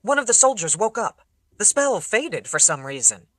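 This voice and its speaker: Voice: medium pitch, sing-song, moderate pace, fairly bright tone, no room sound, voice pushed up. An audiobook reader voicing an earnest young traveler who talks in a reassuring, kind-hearted way. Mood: urging. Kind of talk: audiobook character voice.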